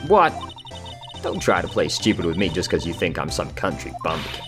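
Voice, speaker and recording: A man's voice: low-pitched, very animated, normal speed, music in the background. A man voicing a brash, scolding woman photographer with an attempted Southern US drawl.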